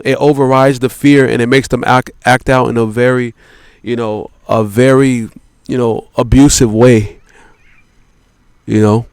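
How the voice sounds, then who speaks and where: A man with a smooth, resonant, mid-pitched voice holds forth in a rambling monologue. He swears freely, circles back on his points and slows down to stress words. The sound is dry and close, with no room echo. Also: a little mellow. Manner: profane, repetitive, peppered with "you know" and "man".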